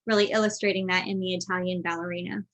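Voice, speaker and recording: A woman's voice: on the low side, flat delivery, fast talker, fairly bright tone. A woman interviewer asking rambling, friendly questions with many fillers. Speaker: interviewer host. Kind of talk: conversational interview.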